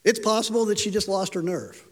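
Preaching briskly, a man with a light, high voice fills an echoing hall with a long reverberation. He recounts the story with feeling and acts out what the characters say.

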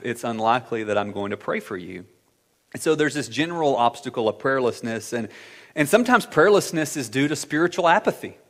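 A male pastor delivers a sermon in a relaxed, storytelling way, often pausing with fillers and restarting his sentences. His voice sits at a medium pitch. The sound carries the long reverb of a large church hall. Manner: conversational, anecdotal, many fillers and restarts.

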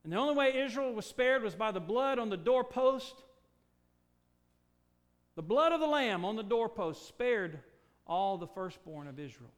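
A high-voiced male preacher, very animated and moving at a moderate pace, fires rhetorical questions at his congregation. He hits key words loudly, then sinks low and quiet to drive a point home, with big swings in volume throughout his emphatic sermon.

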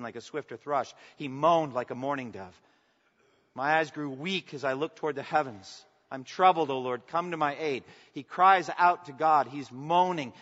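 A man preaching a sermon as pastor, swinging from emphatic declarations to soft, intimate asides and asking the congregation for response. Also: fairly high pitch. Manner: preaching with rising emphasis, then dropping to soft, intimate lines. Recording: long reverb, dull lo-fi sound.

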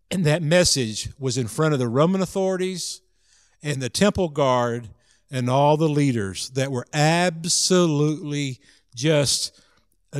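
Earnest male preacher with a low-key voice. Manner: earnest preaching, swinging from loud emphasis to soft, hushed lines. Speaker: pastor. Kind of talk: sermon.

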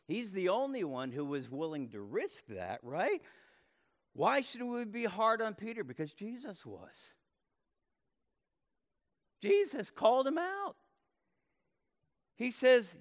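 A man preaching a sermon, swinging from loud calls to hushed tones and repeating words as he speaks. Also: sits high. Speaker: pastor. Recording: long reverb of a hall.

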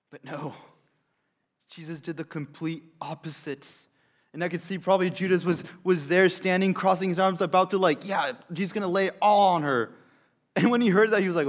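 A male preacher retelling a scripture story in an animated, conversational way, with rhetorical questions to the audience. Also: on the high side, a little fast. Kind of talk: sermon storytelling.

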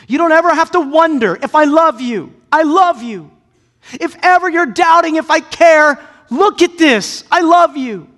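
A preacher voicing God, impassioned and loving. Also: male voice, extremely high pitch, a bit bright, pitched above the performer's own voice, heavily acted. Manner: impassioned, ringing declarations. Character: loving God pleading with humanity. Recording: long hall reverb.

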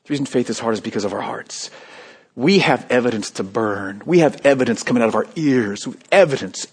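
Husky-voiced preacher with sweeping dynamics. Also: male voice, medium pitch, expressive, a little fast. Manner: dynamic preaching, swinging from hushed to loud and emphatic. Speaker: pastor. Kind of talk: sermon.

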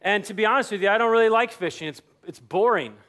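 Speaking fast, a male pastor gives a relaxed, conversational sermon in a high voice. He illustrates his points by slipping into short acted-out snippets of everyday talk.

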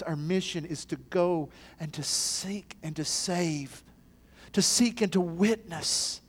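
A male pastor preaching a sermon, dropping to quiet low passages and rising to loud, excited, shouted ones, acting out the people in the parables. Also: measured pace.

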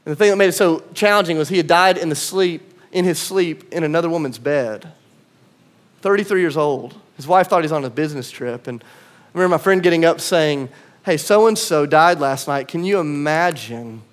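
A male pastor preaching a sermon, conversational and swinging from quiet asides to emphatic calls. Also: on the high side, a little fast.

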